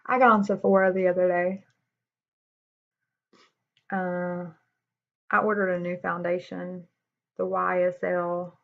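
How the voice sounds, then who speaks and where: In a gravelly, lowish voice, a woman talks openly through a makeup tutorial as a beauty vlogger. She's chatty and leans on "y'all" a lot, and the recording has a dull lo-fi quality.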